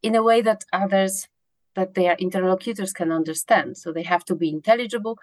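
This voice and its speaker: A woman's voice: fairly low pitch, no room sound. A woman researcher answering interview questions in a hesitant way, with many fillers and restarts. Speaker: guest, pronunciation researcher.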